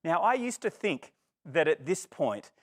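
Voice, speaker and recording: A middle-aged man preaching a sermon, lively and expressive, acting out the voices in the story. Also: a little high, measured pace. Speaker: pastor.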